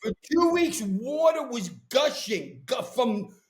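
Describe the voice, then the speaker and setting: A man's voice: very high-pitched, takes it slowly. A man from Brooklyn with a New York accent, hosting a podcast and telling stories in a streetwise, ranting way. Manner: animated ranting storyteller, streetwise. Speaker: podcast host. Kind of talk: casual chat. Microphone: podcast microphone.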